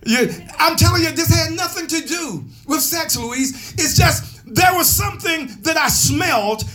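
A man pastor telling a story in a sermon, animated and laughing as he calls out to his members. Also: very high-pitched, a little slow, soft background music.

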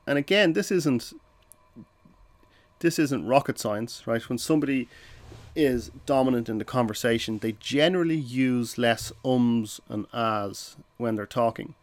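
A man's voice: medium pitch, measured pace. Casual male podcast host explaining things. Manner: conversational, uses fillers and restarts, acts out short phone exchanges.

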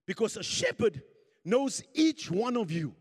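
A man with a strikingly high voice preaches to his congregation, calling on them to answer back and climbing into shouts. The sound rings with the long reverb of a church hall. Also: big pitch swings, a little slow, breathy edge. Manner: call-and-response preaching, urging the congregation to repeat; rising to shouts at peaks. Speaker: pastor. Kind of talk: sermon.

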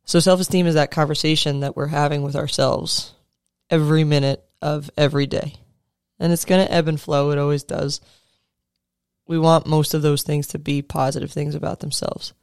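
Earnest thirty-something male coach, even tone. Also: on the high side, normal speed, vocal fry, smooth, no echo, studio quality. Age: 30s. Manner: earnest and conversational, with casual fillers and restarts. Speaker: sports coach speaking to fellow coaches. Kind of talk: motivational talk.

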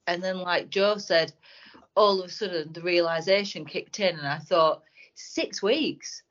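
A woman talking in a heartfelt, emotional way about running with friends, sometimes rushing her words. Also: lowish voice, steady tone, a bit bright, highs cut off. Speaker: podcast guest. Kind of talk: emotional casual chat.

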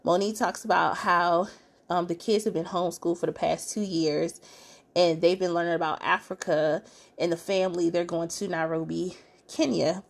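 A woman's voice: fairly low pitch, moderate pace, creaky. Chatty woman podcast host. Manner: chatty, expressive, many fillers. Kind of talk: casual episode recap.

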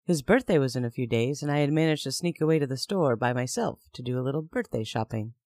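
A man's voice: medium pitch, expressive, quick pace, darkish tone, dry recording, clean studio sound. A man narrating a first-person story in a plain, conversational way.

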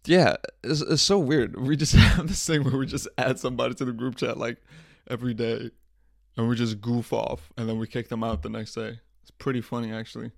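A man's voice: medium pitch, fairly even intonation, a little fast, gravelly, dry recording, studio quality. A young man hosting a casual solo podcast, telling stories in profane slang and laughing often. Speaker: podcast host.

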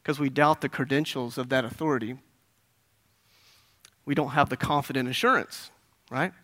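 A middle-aged man preaching a sermon in an earnest, conversational way, often checking in with the congregation and rising into louder, higher emphasis. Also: steady tone, normal speed. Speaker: pastor.

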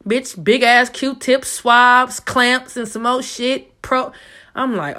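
A young woman in her twenties talks straight to her viewers in a loose storytime monologue. She is loud and profane, and she keeps leaping up into high-pitched squeals for emphasis. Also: lively intonation, takes it slowly. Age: 20s. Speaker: vlogger.

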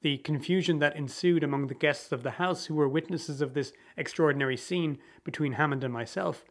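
Theatrical man narrating a story, a touch high. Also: brisk. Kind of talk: dramatic audiobook narration.

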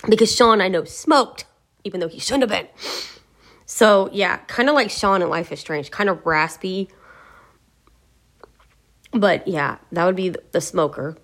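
A woman's voice: mid-range voice, unhurried, long pauses, a bit bright. A woman hosting a gaming video, thinking aloud in a rambling, hesitant way as she searches for words. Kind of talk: casual talk to camera.

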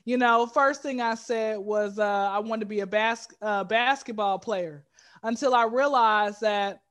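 A woman comedian telling stories in an animated, joking way, often jumping into voices. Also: a little slow. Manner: animated, jumps into high mimicking voices. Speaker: comedian guest. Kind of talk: comedic storytelling.

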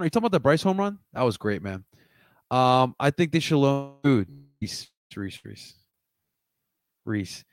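A young man from Philadelphia hosting a casual sports livestream, rambling and answering his chat, jumping between loud outbursts and low mutters. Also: no room sound. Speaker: livestream host.

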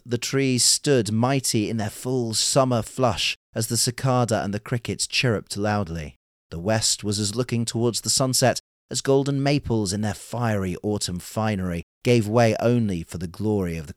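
A man narrating a folktale in a measured, unhurried storytelling manner. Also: fairly low pitch, no room sound, clean studio sound.

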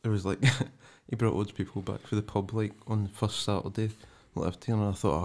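A Glaswegian man chatting in relaxed, sweary banter as a podcast co-host. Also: sits low, fairly quick, few pauses. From Scotland. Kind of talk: casual chat.

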